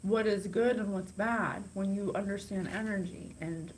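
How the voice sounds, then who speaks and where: A woman hosting a psychic channel, talking casually and excitably straight to her viewers. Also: mid-range voice, moderate pace, a little hiss or hum, low-quality recording. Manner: chatty, bubbly, gushing and excitable. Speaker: psychic podcast host. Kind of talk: casual direct-to-camera talk.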